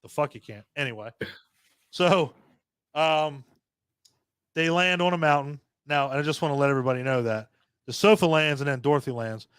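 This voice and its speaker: A man reviews a movie on a casual podcast, ranting in an animated way and swearing constantly. His voice sits a little high. The sound is dry and close. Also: moderate pace, pauses often, smooth, no echo. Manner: animated, heavily profane ranting with mocking quoted voices. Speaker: podcast co-host reviewing a film.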